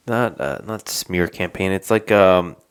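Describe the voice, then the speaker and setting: A man's voice: low voice, a little slow, clear, resonant tone. A young man on a podcast, hesitant and searching for words with many fillers in casual chat. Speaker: podcast host.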